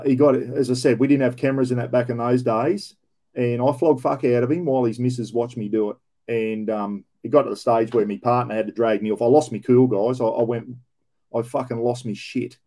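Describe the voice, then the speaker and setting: An Australian man with a dark, mellow tone tells his old police stories bluntly, swearing freely and leaning on slang. He speaks at a middling pitch in a loose, casual reaction-video style. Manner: blunt, profane storytelling with slang.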